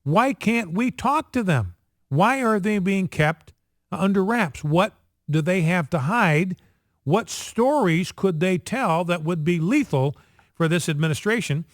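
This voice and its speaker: A man's voice: sits high, lively intonation, measured pace, no room sound, studio quality. A male radio talk show host giving opinionated political commentary, with many fillers and restarts.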